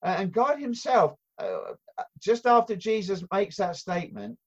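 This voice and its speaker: An older man preaching a sermon in an earnest, halting way, with many restarts and rhetorical questions. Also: high-pitched, expressive, lo-fi sound.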